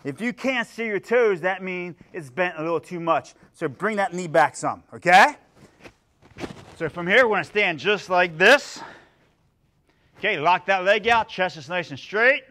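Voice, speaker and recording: A man teaching a live-streamed karate class for young beginners, calmly explaining moves between sharp shouted counts and kiai. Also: sits high, unhurried. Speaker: karate instructor. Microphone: phone or laptop for a live stream.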